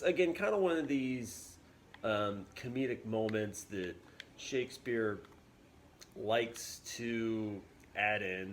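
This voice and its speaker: A male teacher explaining a play in a relaxed, chatty way, with plenty of fillers. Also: lowish voice, slight background noise. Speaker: English teacher. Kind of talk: casual classroom video lesson.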